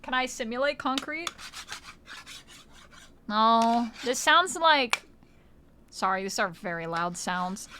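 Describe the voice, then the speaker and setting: A woman's voice: a little high, expressive, takes it slowly, long pauses, pushed and bright, a little hiss or hum. A woman streamer in casual livestream chat, playful, swearing freely and laughing often, on a close mic.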